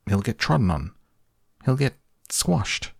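A man voicing a blunt, exasperated father who shouts his complaints in an audiobook. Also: medium pitch, very animated, takes it slowly, gravelly, breathy edge, no room sound, studio quality, pitched above the performer's own voice, full character voice. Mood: fed up. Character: blustering exasperated father, fed up. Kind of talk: audiobook character voice.

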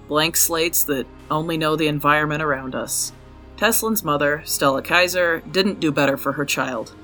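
A man's voice: fairly high pitch, pushed and bright. Profane, blunt man narrating true crime. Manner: blunt and profane, openly angry. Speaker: true crime podcast host.

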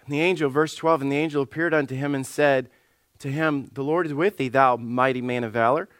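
A man, a lead pastor delivering an animated sermon. He clears his throat often and acts out the voices he quotes. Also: mid-range voice, fairly quick, dry recording.

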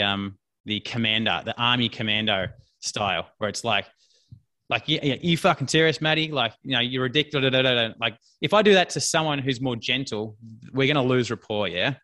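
A man's voice: mid-range voice, sharp tone. A man, a business coach, talking bluntly and emphatically in a casual interview, repeating his key points.

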